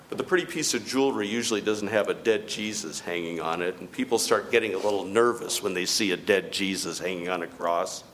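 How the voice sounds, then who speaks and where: Emphatic man preaching, lively pitch. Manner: emphatic, rhetorical, repeats words for stress. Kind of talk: sermon.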